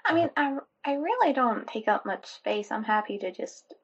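A modest young adventurer with a husky, gravelly voice, played by a woman. She talks very slowly and mildly, never pushing herself forward. The recording is dull and lo-fi. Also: fairly high pitch, wildly swooping pitch, fairly bright tone, heavily acted. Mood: calm.

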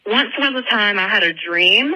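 A woman from Louisiana calling in with a hesitant, halting voicemail message. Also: medium pitch, lively intonation, pushed and bright, rough recording. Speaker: podcast caller.

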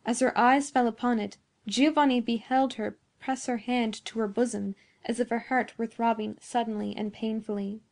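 A woman narrating a classic story in a measured, expressive reading. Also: fairly high pitch. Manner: measured, expressive reading of old-fashioned prose. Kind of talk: scripted narration.

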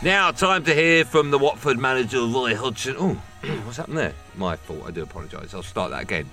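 A man's voice: mid-range voice, expressive, brisk, bright, forceful tone, soft background music. Jokey male podcast host. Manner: self-mocking, jokey asides. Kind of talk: light-hearted clip introductions.

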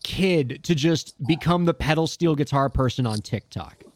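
A man's voice: fairly high pitch, animated, moderate pace. A man hosting a satellite radio show, playfully teasing his guest in a casual interview.

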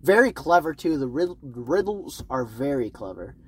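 A man co-hosting a casual film review podcast, excitable and loose, swearing casually and laughing often. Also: medium pitch, moderate pace, breathy edge. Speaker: podcast co-host.

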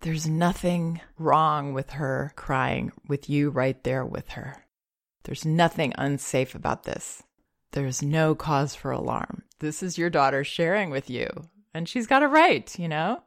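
A woman calmly giving parenting advice, gentle and reassuring, with soft laughs. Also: deep voice, a little slow. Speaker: parenting advisor. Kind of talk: advice talk.

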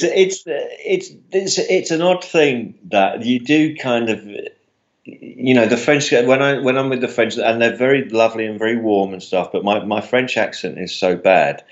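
A man's voice: mid-range voice, moderate pace, highs cut off. A middle-aged comedian with a southern English Mockney accent, chatting in an interview, self-deprecating and laughing often, repeating words as he goes. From England. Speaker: guest comedian. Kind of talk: casual interview chat.

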